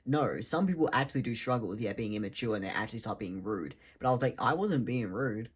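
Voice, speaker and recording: A man's voice: lowish voice, lively intonation, fast talker, breathy edge. A man, talking in a rambling, casual monologue for his vlog, swearing freely. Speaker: vlogger.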